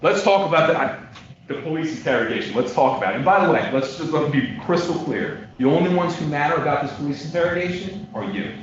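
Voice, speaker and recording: A male defense attorney delivering a closing argument to a jury, emphatic and repetitive, swinging between loud stresses and quiet asides. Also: fairly high pitch, expressive, fast talker. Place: large courtroom. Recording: distant, echoey courtroom audio, dull lo-fi with noise.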